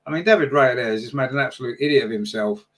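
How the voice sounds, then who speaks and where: A male commentator on a fan channel talks at a racing pace in a medium-pitched voice. He is partisan and chatty, and his energy spikes sharply whenever his side attacks or gets a chance.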